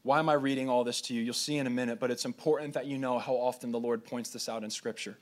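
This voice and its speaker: A man preaches a sermon to a gathering, reading scripture aloud and sometimes stumbling over words before starting again. His voice is medium-pitched with fairly even intonation, and he moves at a quick pace.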